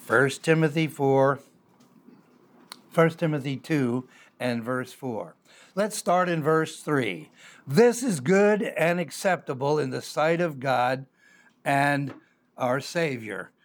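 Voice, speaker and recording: A man, a pastor teaching a sermon, reading scripture slowly and then arguing it through conversationally with fillers. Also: mid-range voice.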